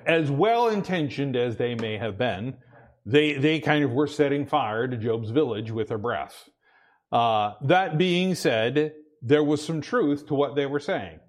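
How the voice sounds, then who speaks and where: A male pastor delivers his sermon in a loose, conversational manner. He keeps checking in with the congregation and slips into small acted-out scenes. His voice sits at an ordinary middle pitch. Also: lively intonation, unhurried. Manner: conversational preaching with frequent "amen?" and acted asides.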